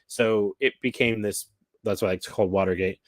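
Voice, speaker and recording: Lowish, dry-voiced chatty man. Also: steady tone, normal speed, no room sound. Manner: chatty and enthusiastic, rambling with fillers. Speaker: cruise vlogger. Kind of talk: casual chat.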